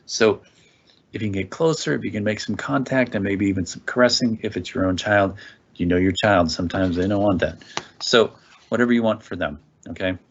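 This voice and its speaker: A man's voice: on the low side, a little fast, muffled recording, a little hiss or hum. A man training parents in a casual presentation, talking conversationally and often checking in with "okay?".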